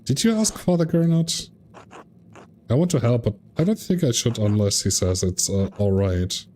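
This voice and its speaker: A man's voice: medium pitch, normal speed, warm tone, a little hiss or hum, natural voice. A man voicing a timid, anxious young male monk who pleads and frets. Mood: hesitant. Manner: pleading, fretful.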